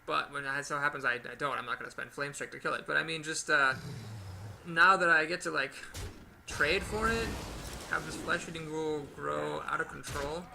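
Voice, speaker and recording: Man, gameplay commentary, high voice, gravelly, chatty and animated. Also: moderate pace, background noise. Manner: chatty, animated, playful exclamations. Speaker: gaming video host.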